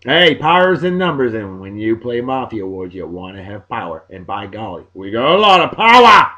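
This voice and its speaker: A middle-aged man, hosting a casual podcast and giving exuberant, folksy birthday shout-outs. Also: lowish voice, very animated, moderate pace, muffled recording. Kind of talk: casual chat.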